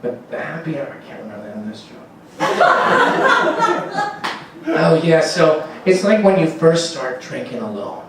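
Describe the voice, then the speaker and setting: A man's voice: on the high side, wildly swooping pitch, a little slow, pauses often, background noise. Rambling, profane man doing stand-up. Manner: rambling, profane, laughs at his own jokes. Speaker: stand-up comedian. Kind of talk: stand-up comedy set. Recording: very echoey room, distant mic, faint ambience.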